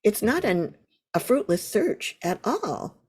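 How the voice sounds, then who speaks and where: A woman's voice: medium pitch, big pitch swings, slow, darkish tone, husky. An older American woman, a Zen teacher, telling a vivid story as an interview guest. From United States.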